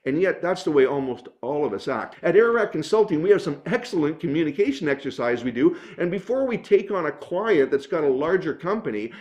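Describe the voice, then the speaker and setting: Animated, emphatic male business trainer. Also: a little high. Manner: explanatory, emphatic. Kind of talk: instructional talk. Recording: dull lo-fi recording.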